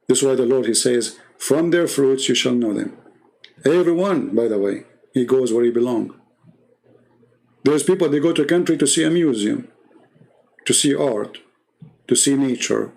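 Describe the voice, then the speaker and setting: A man's voice: medium pitch, gravelly, a little mellow. A man hosting a live debate stream, delivering a heated, scornful monologue full of mocking rhetorical questions.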